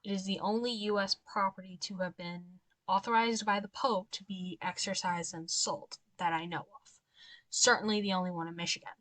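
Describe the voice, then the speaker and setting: A woman's voice: medium pitch, fairly even intonation, normal speed, fairly bright tone, dry recording. A young woman giving casual let's-play commentary, chatty and given to exasperated ranting asides. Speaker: gameplay commentator.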